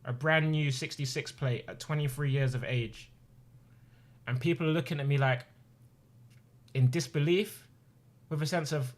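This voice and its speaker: A man in his twenties speaks on stream from his home streaming room, his voice on the high side, moderately paced, with long pauses. The talk is emotional and personal, earnest and impassioned, and he repeats phrases for emphasis.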